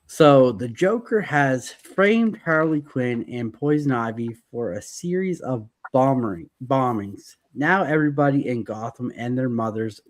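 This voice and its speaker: A man hosting a casual comics podcast, reading out blurbs with joking asides. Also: mid-range voice. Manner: jokey, reads out blurbs with asides. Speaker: podcast host. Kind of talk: casual comics review chat.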